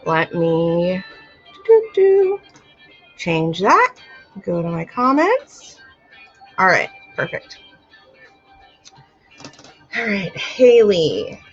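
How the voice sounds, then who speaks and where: A woman with a low, gravelly voice gives a live-stream oracle card reading, calling viewers my dear and my love. She sounds stuffy from allergies. The audio is dull and lo-fi, with faint music underneath. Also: sing-song, drawn-out words, pauses often. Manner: warm-hearted, calls viewers my dear and my love. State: itchy eyes and sneezing from allergies. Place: home, live video stream.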